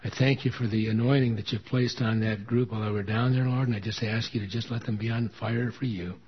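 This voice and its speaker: A man leads a church meeting, speaking with earnest conviction before moving into a fervent closing prayer over the people gathered. His voice is husky, at an ordinary pitch for a man. The recording is dull and lo-fi. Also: fairly even intonation, a little fast. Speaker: pastor.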